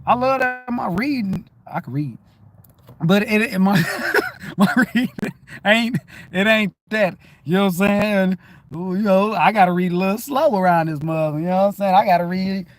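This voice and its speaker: A man on a livestream talking in a casual spiritual monologue, profane and animated, often checking that listeners follow. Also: high voice, moderate pace, dry recording. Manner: animated, profane, keeps asking "you know what I'm saying".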